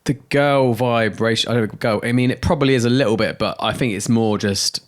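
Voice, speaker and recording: A man's voice: mid-range voice, fairly quick. Young British man telling rambling stories. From Britain. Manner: rambling storytelling with restarts and swearing. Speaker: podcast co-host. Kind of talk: casual chat.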